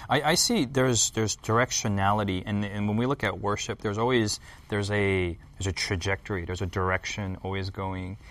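A man's voice: on the low side, fairly even intonation, normal speed, fairly bright tone. A man co-hosting a Bible study discussion, reflective, restarting his thoughts and checking in with "right?". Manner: reflective, many restarts and tag questions. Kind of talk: casual group discussion.

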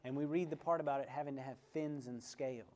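A man's voice: mid-range voice, fairly even intonation, quick pace, darkish tone. A man teaching a conversational Bible lesson. He tells a story and then asks the class questions, calling on people by name.

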